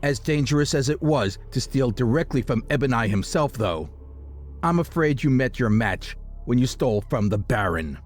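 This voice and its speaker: A man's voice: animated, normal speed, soft background music, natural voice. A man voicing a smug, scheming male halfling bounty hunter who gloats over his captive, in an audiobook. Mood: gloating. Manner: smug, gloating, deeper than the narration.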